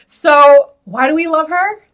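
A woman's voice: high voice, a little slow. Chatty woman with a raised voice. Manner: chatty and animated, often laughing; loose filler-heavy talk with frequent "like". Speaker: beauty YouTuber host. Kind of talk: casual chat to camera.

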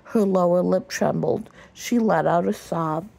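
A woman reading a children's picture book aloud in a gentle storytelling voice, with small slips and restarts. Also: fairly low pitch, unhurried, creaky. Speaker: storybook reader.

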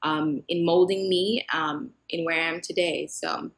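A young woman, a fashion designer, answering interview questions in a lively, talkative way with many fillers and restarts. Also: on the low side, moderate pace, breathy edge.

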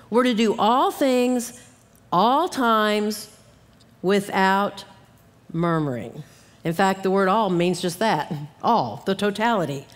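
A middle-aged woman giving an earnest Bible teaching talk at a conference, acting out grumbling asides as she goes. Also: on the high side. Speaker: conference speaker. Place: church hall. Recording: long hall reverb.

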